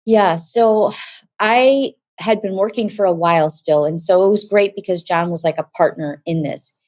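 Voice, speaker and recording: A woman giving a personal testimony as an interview guest, telling her story in a lively way and acting out what people said. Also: fairly low pitch, moderate pace, dry recording. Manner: animated, acts out dialogue in quoted voices.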